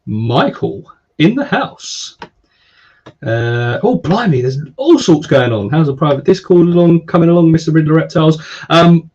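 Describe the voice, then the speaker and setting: A man hosting a casual live stream, chatting and giving viewers shout-outs. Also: a little high, a little hiss or hum. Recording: slightly dull stream audio.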